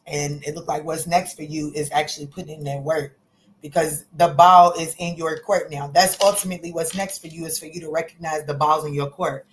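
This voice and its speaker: A woman's voice: sits low, steady tone, fairly quick, slight background noise, rough recording. Chatty woman doing a casual tarot reading. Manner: chatty, folksy, calls listeners baby and honey, curses freely. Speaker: tarot reader.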